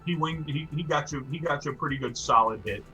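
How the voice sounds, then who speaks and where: A man's voice: fairly high pitch, fast talker, sharp tone, soft background music. A man narrating as game master of a tabletop game, often stumbling and repeating words as he describes the action.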